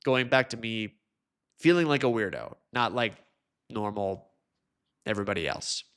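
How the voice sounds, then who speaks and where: Man, solo podcast host, casual chatty monologue, animated pitch, playful mimicry. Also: normal speed, clean tone. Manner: chatty, animated, mimics complainers in high mocking voices.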